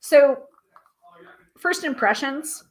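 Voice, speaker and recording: A woman hosting a live tarot stream, chatting casually and reading aloud from a guidebook, self-deprecating and a little halting over hard names. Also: high voice, lively intonation. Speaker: tarot reader and livestream host.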